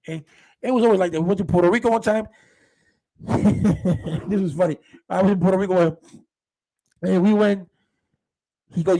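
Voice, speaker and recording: A man telling profane street stories in a casual, animated monologue, full of restarts. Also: high-pitched, quick pace, vocal fry, pauses often, slightly rough, poor audio. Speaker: podcast host.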